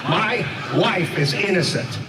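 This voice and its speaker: A man's voice: high voice, expressive, slow, noisy background, pitched above the performer's own voice. A man doing an indignant prank-call husband. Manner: mock-earnest, overly polite. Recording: echoey live room, far mic, audience.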